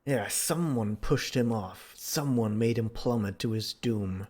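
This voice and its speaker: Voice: medium pitch, unhurried, darkish tone, pitched below the performer's own voice, lightly acted. A streamer voicing a flippant, laid-back police chief in a fan-made game, with an offhand drawl.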